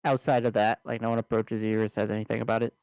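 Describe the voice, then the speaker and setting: A man's voice: fairly low pitch, little pitch movement, fast talker, a little mellow, smooth, no echo, low-quality recording. A man narrating as game master in a tabletop game, talking hesitantly with many restarts. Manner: hesitant, lots of fillers and restarts.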